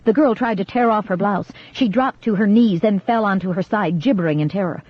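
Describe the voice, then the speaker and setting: A woman narrating an audiobook in a measured, dramatic reading style, recorded in a studio. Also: mid-range voice. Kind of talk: scripted narration. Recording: dull, dry 1980s cassette studio reading.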